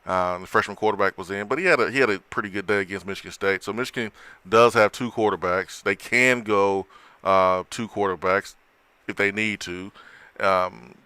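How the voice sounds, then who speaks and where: A man's voice: lowish voice, fairly even intonation, moderate pace, bright, forceful tone, clear, resonant tone, no room sound. A man hosting a casual sports talk show, chatting with a co-host, often repeating and restarting his words.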